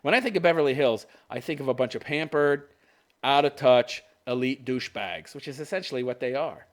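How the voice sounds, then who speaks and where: A man's voice: medium pitch, a little fast. A man hosting a podcast, reading news items aloud and tearing into them with sarcastic, profane commentary and scoffing laughs. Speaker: podcast host.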